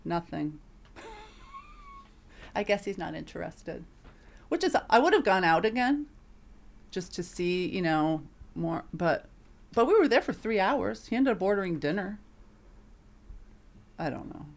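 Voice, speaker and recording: A woman co-hosting a podcast, telling stories in casual chat, animated and full of fillers. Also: fairly low pitch, unhurried, creaky, long pauses. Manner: animated storytelling, filler-heavy. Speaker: podcast co-host.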